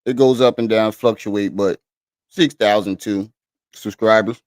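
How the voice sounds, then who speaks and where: A man with a fairly low, even-toned voice speaks unhurriedly, with no echo. He's hosting a relaxed livestream from his living room, swearing freely, chatting with viewers and laughing at himself as he reads their comments.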